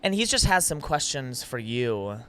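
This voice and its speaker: A man's voice: medium pitch, sing-song, normal speed, sharp tone, a little hiss or hum. A man co-hosting a podcast, asking playful, teasing questions in casual chat with rambling restarts. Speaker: podcast co-host.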